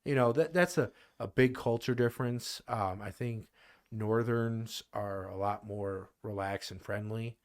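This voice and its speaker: A Midwestern man in his thirties, with an accent to match, chats casually as a podcast guest, rambling with plenty of fillers and restarts. He speaks unhurriedly in a fairly low voice.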